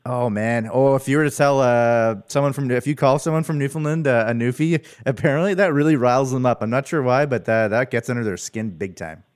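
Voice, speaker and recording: A man's voice: mid-range voice, fairly quick, few pauses. A man with a Canadian accent hosting his podcast, upbeat and easygoing, laughing readily with his guest. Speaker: podcast host.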